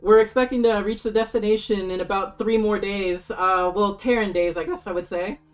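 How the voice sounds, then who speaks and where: Woman voicing a grizzled older crew chief, flat and indifferent, slightly low. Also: moderate pace, soft background music, natural voice, poor audio. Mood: unbothered.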